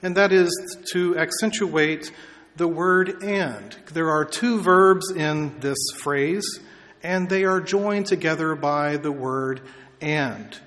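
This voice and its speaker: A male pastor giving a measured sermon, stretching out key words for emphasis, in a church sanctuary. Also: a little high, fairly bright tone. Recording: long reverb of a large hall.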